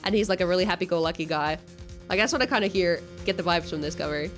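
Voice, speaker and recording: A young woman, streaming a game, giggly and excitable as she chats with viewers. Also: fairly low pitch, fast talker, faint music behind. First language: Finnish. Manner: giggly, excitable, reads dialogue aloud. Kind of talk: game livestream chat.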